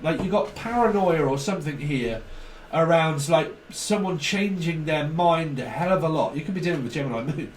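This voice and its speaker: Brief: lively high-voiced man, tarot reader, acts out quarrels, roomy distant sound. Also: moderate pace, a little hiss or hum. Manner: animated, acts out both sides of arguments, swears casually. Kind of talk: casual tarot reading monologue. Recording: echoey room, voice off-mic.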